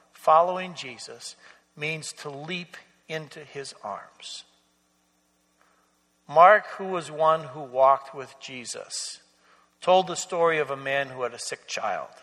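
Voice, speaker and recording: A man delivers a sermon in an unhurried, earnest way, drawing out each phrase. His voice is bright and pitched a little high for a man. It rings with the long reverb of a church sanctuary. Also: animated. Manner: slow, earnest preaching with soft, drawn-out endings. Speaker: pastor.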